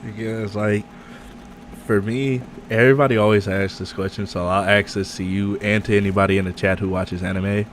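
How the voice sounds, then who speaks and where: A man's voice: on the low side, level tone, normal speed, a little hiss or hum. A man hosting a livestream, chatting casually and animatedly, acting out quotes and laughing as he goes. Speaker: streamer host. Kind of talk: casual chat.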